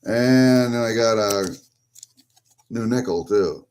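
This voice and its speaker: Opening packages on camera, a vlogger chats to himself at a slow pace in a low, slightly mellow voice. There is a little hiss or hum in the recording, and his commentary is relaxed, muttering and wandering.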